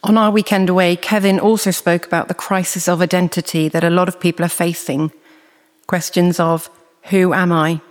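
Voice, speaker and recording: A preacher giving a sermon in a measured, earnest way, reading scripture slowly and deliberately. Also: mid-range voice, in a large hall.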